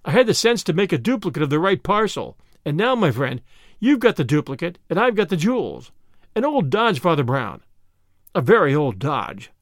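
A man's voice: fairly high pitch, very animated, moderate pace, no room sound, clean studio sound. A man voicing a bold male master thief in an audiobook of a classic story, who poses as a priest, then mocks and gloats. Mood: mocking. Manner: mocking and triumphant.

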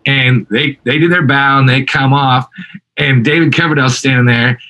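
A man, a guest musician, telling an animated story in a casual interview, with many fillers and restarts. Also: medium pitch, moderate pace, rough recording.

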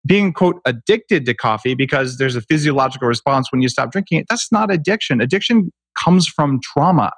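A man's voice: medium pitch, animated, a little fast, few pauses, no room sound. A man talking emphatically in an interview, ranting with rhetorical questions. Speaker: guest expert on health. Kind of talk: animated interview talk.

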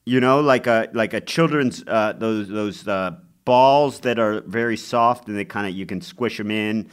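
A man's voice: on the low side, a little slow, smooth. A man co-hosting a podcast in casual chat, playful and argumentative. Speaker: podcast co-host.

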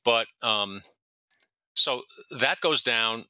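Bright, dry-voiced New man spinning stories. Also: medium pitch, very slow, clear, resonant tone, no room sound. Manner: rambling, self-correcting, jumps around in time. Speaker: podcast guest, retired police detective. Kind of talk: storytelling in a casual interview.

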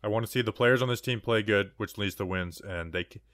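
A man with a lowish voice speaks bluntly and jokes as he runs a casual fan show. The sound is dry and close to the mic. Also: fairly quick, fairly bright tone, no echo. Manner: blunt, joking, wraps up the show. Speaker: sports podcast co-host. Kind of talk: casual chat.

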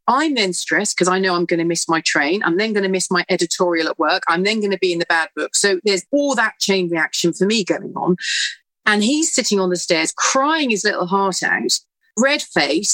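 A woman in middle age shares a parenting anecdote with animated, storytelling energy. Her voice sits at an ordinary pitch and is recorded very dry, with no room sound. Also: no echo, rough recording. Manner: lively anecdotal, acting out her own inner voice. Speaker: guest, presenter and author. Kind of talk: storytelling advice.

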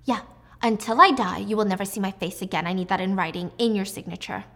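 A woman reading the lines of a haughty, wealthy mother near forty in a sharp, scornful way. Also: medium pitch, quick pace.

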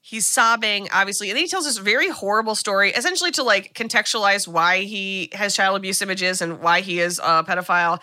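A woman's voice: mid-range voice, fairly quick, hardly any pauses, bright, forceful tone. A woman co-hosting a podcast, retelling a film plot in a chatty, casual way full of "like"s and restarts. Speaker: podcast co-host.

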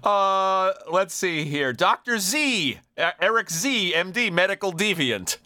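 A male podcast host with a slightly high, animated voice works through listener questions in casual chat. He reads briskly and chuckles between items, and the sound is dry and close. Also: no room sound.

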